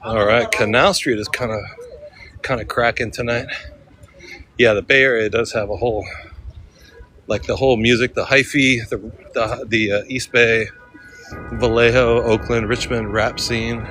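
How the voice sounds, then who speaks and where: A man's voice: medium pitch, steady tone, moderate pace, pauses often, over music. A man from California chatting casually and slangily on a livestream from city streets, talking into a phone. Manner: chatty, laid-back, slangy. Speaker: livestreaming vlogger. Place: outdoors in a city at night, on the street and a ferry.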